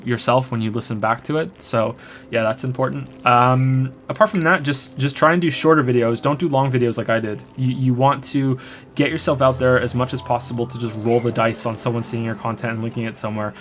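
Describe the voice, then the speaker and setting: A man's voice: mid-range voice, fairly bright tone, a little hiss or hum. A man casually answering chat questions on a live stream while playing a game, rambling with frequent restarts and fillers.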